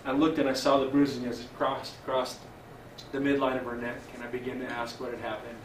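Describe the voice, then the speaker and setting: A middle-aged man, a chaplain, gives an earnest storytelling talk to a church audience, with halting fillers and restarts and a hush for quoted speech. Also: mid-range voice, little pitch movement. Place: church hall. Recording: echoey hall, distant mic, faint hiss.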